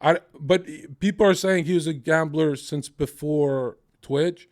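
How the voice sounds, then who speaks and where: Speaking a little slowly in a voice on the high side, a young streamer delivers a heated rant full of swearing. He acts out what others said in quotes as part of his livestream commentary.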